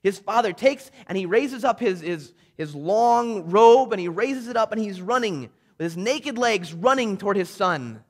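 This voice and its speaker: A man preaching a sermon, retelling a story vividly and swinging between loud emphasis and hushed tones. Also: sits high, lively intonation, a little slow, hardly any pauses.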